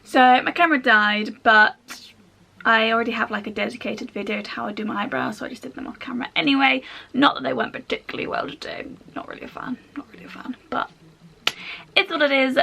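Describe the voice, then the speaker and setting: A young woman chatting casually through a makeup tutorial, slangy and relaxed, often dropping into soft half-whispered asides. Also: fairly high pitch, brisk, gravelly. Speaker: beauty vlogger.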